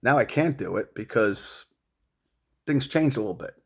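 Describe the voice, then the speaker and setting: Gravelly, profane middle-aged man ranting. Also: medium pitch, expressive, normal speed. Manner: profane, confrontational, addressing an absent rival. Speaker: vlogger. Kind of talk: rambling monologue.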